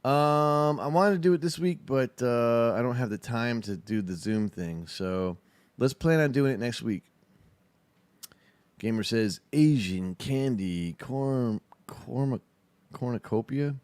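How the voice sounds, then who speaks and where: A man's voice: medium pitch, slow pace, darkish tone, smooth, dry recording. A man hosting a casual livestream, chatting about a video in a profane, rambling, laid-back way. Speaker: show host.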